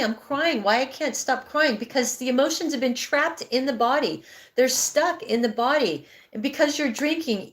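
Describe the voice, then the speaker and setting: A woman in her fifties coaching breathwork on a live stream, candid and rambling, often correcting herself mid-sentence. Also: high-pitched. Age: 50s.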